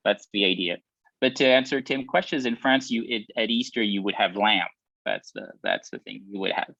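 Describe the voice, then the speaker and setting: A man with a fairly low voice interprets for a guest, often restarting sentences and chuckling between them. His audio sounds dull and lo-fi, with a dry, close feel. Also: steady tone, moderate pace, bright, forceful tone, no echo. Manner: restarts and chuckles while translating. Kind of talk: translating for a guest.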